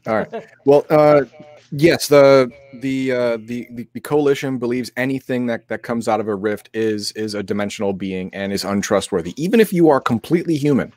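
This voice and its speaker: A man co-hosting a tabletop game live stream in casual chat, halting with frequent restarts, somewhat sick. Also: mid-range voice, darkish tone, dry recording.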